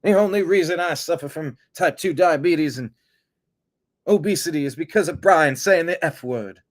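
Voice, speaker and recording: A man's voice: on the high side, normal speed, voice pushed up, lightly acted. A man voicing a fussy, swooning Southern belle woman with a put-on American Southern accent. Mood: dramatic.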